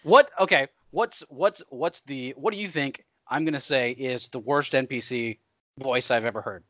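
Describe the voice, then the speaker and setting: A man's voice: medium pitch, no echo. A man chatting casually as a podcast co-host and player, speaking emphatically and agreeing readily. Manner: animated and emphatic, quick to agree. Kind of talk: casual chat. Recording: dull dry recording.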